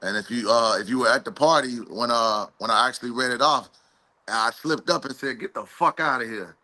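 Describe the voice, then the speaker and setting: A man's voice: mid-range voice, brisk, pushed and bright. A man, an event organizer talking casually and rambling, with many fillers and easy swearing. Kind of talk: casual chat.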